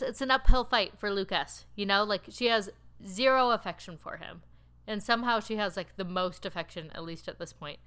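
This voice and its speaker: A woman recapping a TV show in casual chat, rambling and animated with lots of filler words. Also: mid-range voice, clear, resonant tone. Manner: animated, laughing storyteller. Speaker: TV recap podcaster.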